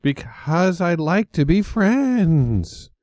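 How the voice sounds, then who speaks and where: A man voicing a small, kind, nervous ogre in a storybook reading, with a high pleading voice. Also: slow pace, darkish tone, clear, resonant tone, no echo. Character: timid cute little male ogre, nice.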